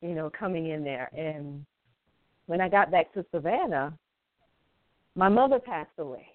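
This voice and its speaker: A woman guest talks in a reflective, unhurried way, often pausing on filler words. Her voice comes through a narrow, phone-like line. The sound is dry and close, with no room echo. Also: sits low, expressive. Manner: reflective, unhurried, many "you know"s. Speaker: guest singer. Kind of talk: casual interview chat.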